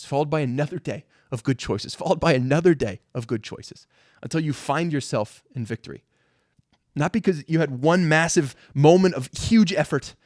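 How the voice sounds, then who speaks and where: Young male podcast host, high voice, dry close sound, fervent exhorting faith talk. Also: darkish tone, no room sound. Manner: fervent, exhorting, repeats words when stirred. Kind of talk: impassioned Christian motivational talk.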